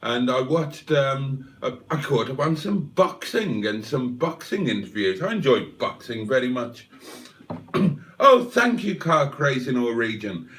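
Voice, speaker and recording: A man's voice: medium pitch, sing-song, unhurried, fairly bright tone, recorded from a distance. A man hosting a livestream and reading out chat in a playful, wry, mock-theatrical way. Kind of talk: casual chat.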